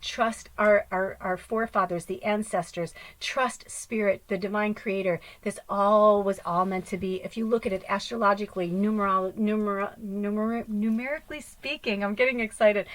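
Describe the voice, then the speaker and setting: A woman hosting a spiritual channeling show, talking passionately to her viewers, swearing freely and swinging between loud outbursts and soft hushed passages. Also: medium pitch, fairly even intonation, normal speed, hardly any pauses. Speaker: spiritual medium and channel host. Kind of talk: casual spiritual monologue to viewers.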